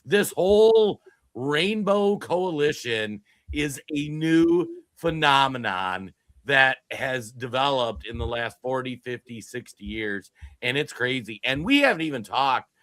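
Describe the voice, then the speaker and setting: A man co-hosting a political commentary podcast, talking in an animated, emphatic way with frequent restarts. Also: medium pitch, unhurried, dry recording. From Minnesota. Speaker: podcast co-host. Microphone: streamed podcast mic.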